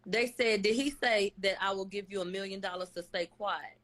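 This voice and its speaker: Woman vlogger, casual recap, blunt and profane, average pitch. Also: normal speed, a bit bright. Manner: blunt, profane, slangy, quotes testimony in acted voices. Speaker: vlogger recapping a court case.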